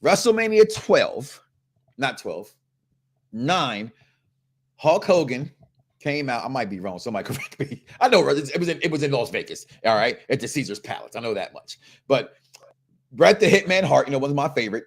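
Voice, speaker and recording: Animated joking Midwestern man host. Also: medium pitch, moderate pace, husky. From Chicago, US Midwest. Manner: animated, joking, keeps checking in with "okay?". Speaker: podcast host. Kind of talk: casual wrestling talk show chat.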